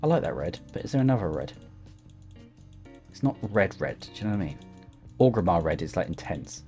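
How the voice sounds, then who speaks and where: A man's voice: low-pitched, very animated, brisk, warm tone, soft background music. A young man giving casual, rambling gameplay commentary, thinking aloud as he clicks through a game. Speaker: gaming YouTuber.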